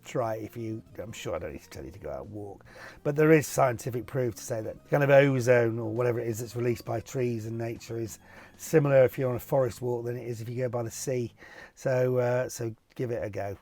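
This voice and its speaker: A man's voice: mid-range voice, fairly quick, darkish tone. A cheerful middle-aged man hosting a casual Q&A, reading out viewer questions and answering them in a jokey, chatty way. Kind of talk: casual Q&A video.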